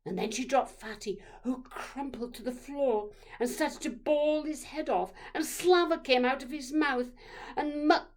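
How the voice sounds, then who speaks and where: A woman narrating a childhood memoir story, expressive and dropping to dramatic whispers. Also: high-pitched, a little slow.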